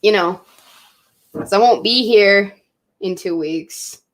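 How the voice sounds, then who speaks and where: A woman's voice: mid-range voice, slow pace. Young woman vlogger, tipsy, emotional, swears a lot, casual chat. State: drinking, tipsy. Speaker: college student vlogger.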